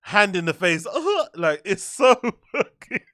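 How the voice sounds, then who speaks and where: A man's voice: sits high, expressive, slow pace, bright, forceful tone, no echo, studio quality. A male podcast host giving a casual, mocking reaction commentary and laughing often.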